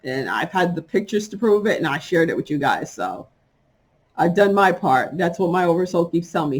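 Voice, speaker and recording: A woman's voice: sits low, expressive, husky. Emphatic, fired-up middle-aged woman vlogging. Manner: emphatic, indignant, quick bursts with laughs. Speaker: spiritual vlogger. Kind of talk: casual monologue to viewers.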